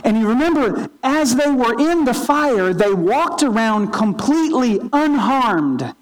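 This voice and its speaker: Pastor, sermon, earnest explaining, repeated words, mid pitch. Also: very animated, measured pace, rough recording. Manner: earnest teaching tone, frequent small restarts and repeated words; opens with a quiet, low spoken prayer.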